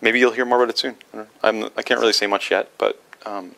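A man's voice: lowish voice, steady tone, rapid-fire, creaky, bright, forceful tone, low-quality recording. A man answering viewer questions on a livestream in a casual, rambling way, with many fillers and restarts.

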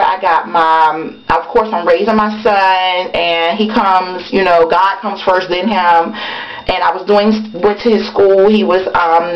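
A woman vlogger chatting casually and venting while taking out her twists, talking with frequent ums. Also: mid-range voice. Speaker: beauty vlogger. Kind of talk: casual chat while doing her hair. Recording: dull lo-fi webcam audio.

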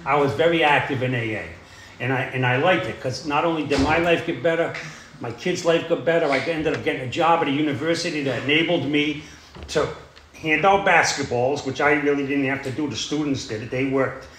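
A man's voice: fairly high pitch, brisk, a bit bright, slight background noise. Middle-aged guy telling his story at a meeting, rambly, lots of you know, echoey room. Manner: plain-spoken, rambling, frequent "you know" and "uh". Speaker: AA speaker sharing his story. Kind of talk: recovery talk, storytelling.

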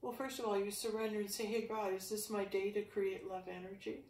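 A woman's voice: mid-range voice, level tone, brisk, darkish tone. A woman teaching a yoga class who talks about the spirit and asks earnest questions while she stretches. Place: indoor room, exercise mat. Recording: roomy sound, distant from the mic.

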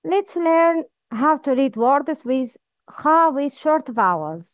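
A woman teaching Arabic letters, drilling words slowly and asking the listener to repeat after her. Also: high voice, sing-song, no echo. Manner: slow, careful drilling with repeat-after-me prompts. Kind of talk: slow recorded lesson. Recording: dull, lo-fi sound.

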